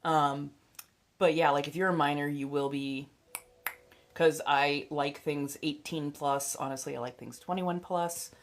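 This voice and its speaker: A young adult woman who reads tarot hosts a casual livestream, chatty and blunt, swearing freely and sprinkling in fillers and laughter. Her low voice is steady and unhurried, with a little hiss or hum in the recording.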